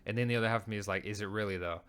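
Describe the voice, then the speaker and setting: Fast-talking profane male host. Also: fairly low pitch, steady tone, a bit bright, clean tone. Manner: heated, profane, rapid ranting. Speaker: show host. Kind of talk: casual commentary on clips.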